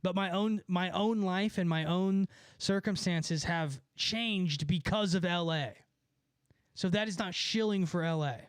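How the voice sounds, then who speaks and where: A man's voice: sits high, measured pace, smooth, no echo. A young man casually chatting on a live stream, laughing a lot and swearing as he mocks someone. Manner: laughing, mocking, profane.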